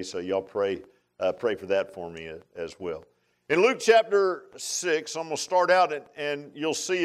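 A man preaching a folksy, rambling sermon as a pastor, with many fillers and restarts. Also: mid-range voice.

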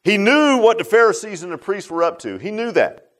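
Male preacher, slightly high voice, folksy sermon delivery that swells loud then drops hushed. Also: big pitch swings, brisk. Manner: folksy, swings from loud exhortation to hushed low tones.

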